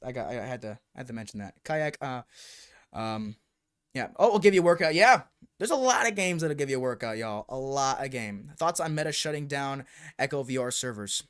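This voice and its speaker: A male streamer talks straight to his viewers in an animated, rambling way, reacting to their comments and swearing now and then. His voice sits slightly high for a man and comes through a desk streaming mic. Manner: animated and talkative, mild swearing. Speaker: livestream host. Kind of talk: casual livestream chat answering viewers. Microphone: desk streaming microphone.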